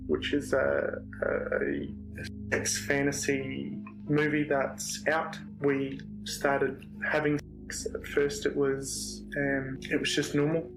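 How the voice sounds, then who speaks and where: Brief: halting New man in a police interview, flat and slow, with music under the tape. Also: mid-range voice, low-quality recording. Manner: hesitant, flat, lots of ums and restarts. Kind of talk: recorded police interview confession.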